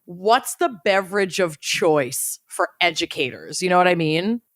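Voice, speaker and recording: A woman's voice: on the low side, expressive, unhurried, no echo, clean studio sound. A young adult woman co-hosting a casual true crime podcast, chatty and wry, often laughing as she talks. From Minnesota. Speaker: podcast co-host.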